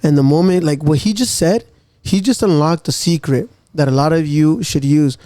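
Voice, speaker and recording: A man's voice: fairly high pitch, normal speed, dark tone, no room sound. A man co-hosting a podcast, talking casually and emotionally about faith, calling his co-host "bro" and "dude". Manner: emotional, repeats "bro" and "dude", acts out God's words.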